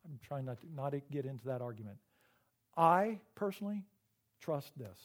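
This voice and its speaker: A middle-aged man preaching a sermon, earnest and emotional, often halting and repeating words. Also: medium pitch, very animated. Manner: earnest and personal. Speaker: pastor.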